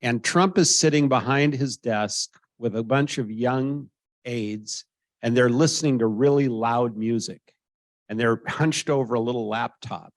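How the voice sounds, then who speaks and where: A man's voice: medium pitch, measured pace, no room sound. A man in his sixties with an American accent, telling an anecdote as a guest and acting out the voices of others. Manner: animated, acts out quoted voices. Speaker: interviewee. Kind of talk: storytelling anecdote.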